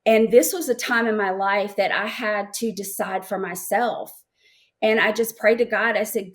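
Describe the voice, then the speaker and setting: A middle-aged woman giving an emotional personal testimony as an interview guest, halting and repeating words as she speaks. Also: mid-range voice, steady tone.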